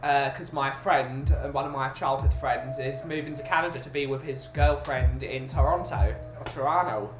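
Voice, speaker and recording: A man's voice: medium pitch, steady tone, normal speed, few pauses. A man from the UK chatting casually as a podcast host, rambling and restarting his sentences. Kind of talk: casual chat. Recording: roomy with music behind.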